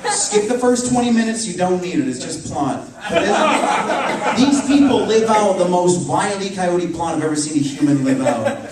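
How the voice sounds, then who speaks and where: A man doing a profane, deadpan stand-up routine on a comedy club stage, with the audience laughing. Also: sits high, normal speed. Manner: deadpan, profane, mocking repetition. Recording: echoey club, distant mic, crowd.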